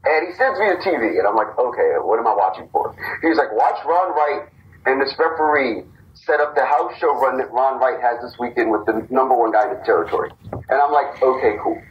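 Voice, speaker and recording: A man's voice: mid-range voice, a little fast, muffled recording. A man co-founder of a wrestling company, casually telling a long story on a podcast and acting out the quotes.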